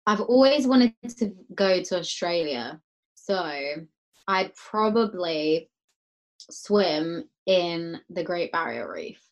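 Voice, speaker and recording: A woman's voice: on the low side, lively intonation, slow pace, low-quality recording. A young woman in casual chat, giggling and telling her answers in a playful, rambling way. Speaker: guest.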